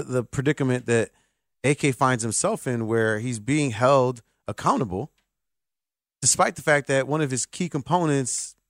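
A man hosting a sports talk radio show, lively and joking, speaking from a radio studio. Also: medium pitch, no echo. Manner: lively, joking, does voices to mock.

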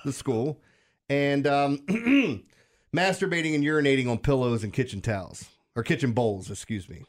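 Co-hosting a morning sports radio show, a man with a mid-range voice at normal speed recounts odd news stories in casual banter. He sounds incredulous and laughs as he tells them, keeping things animated.

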